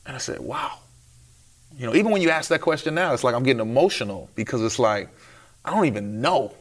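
A man, a pastor, talking candidly and emotionally in conversation, halting at times. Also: mid-range voice, expressive. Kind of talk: casual conversation.

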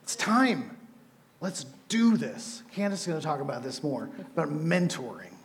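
A man with a high voice, preaching as a youth pastor in a loose, conversational way. He tells stories with animated asides, and a faint hum of ambience sits behind him. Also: normal speed. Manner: casual, storytelling, animated asides. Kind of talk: sermon.

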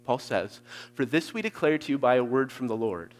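A man preaching an expository sermon, dropping to hushed low lines and rising to loud emphatic peaks. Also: expressive, brisk, slight background noise. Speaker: pastor. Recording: long hall reverb.

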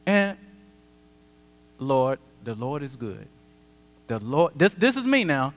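A man pastor preaching a sermon, conversational and animated with dramatic pauses. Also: medium pitch, soft background music. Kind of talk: sermon with personal storytelling. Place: church sanctuary. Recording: long church hall reverb.

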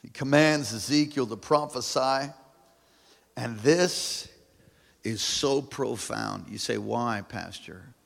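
A man preaching a sermon as pastor, calling on the congregation to repeat after him, moving from hushed lows to shouted peaks. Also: slow, creaky. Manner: call-and-response preaching, swings from hushed to shouting. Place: church sanctuary. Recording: long hall reverb.

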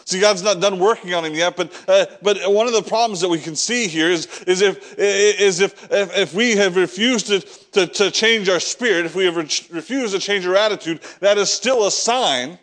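A man's voice: high voice, moderate pace, hardly any pauses, fairly bright tone. A man preaching a sermon, reading scripture and acting out the prophet's prayers, repeating words as he builds each point. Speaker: pastor.

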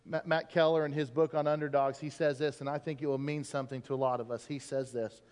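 A middle-aged man preaching a sermon in a church, telling stories and acting out biblical figures with animated shifts of voice. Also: mid-range voice, fast talker, clear, resonant tone. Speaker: pastor. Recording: long reverb of a church hall.

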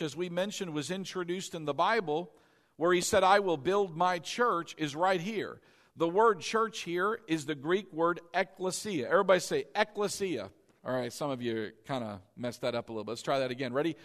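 A man's voice: sits high, fairly bright tone, long reverb tail. A man preaching a sermon to his congregation as pastor, emphatic, repeating key lines and quizzing the crowd. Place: church sanctuary.

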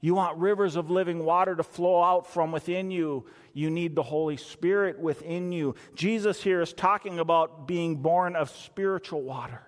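A man's voice: on the high side, moderate pace, hardly any pauses, long reverb tail. A man preaching a sermon as pastor, emphatic and repeating phrases for stress.

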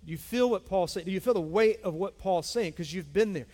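A man's voice: sits high, brisk, hardly any pauses, a little mellow. A middle-aged man, a pastor preaching a sermon emphatically, repeating lines and calling out to his congregation. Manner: emphatic, repetitive preaching with audience call-outs. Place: church sanctuary. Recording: long hall reverb.

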